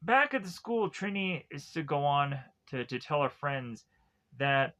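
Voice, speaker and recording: A man's voice: a little high, very animated, measured pace, sharp tone. A man reviewing a TV series in a rambling casual way, looping back through fillers and restarts. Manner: meandering, heavy use of fillers and restarts. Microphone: tablet recording.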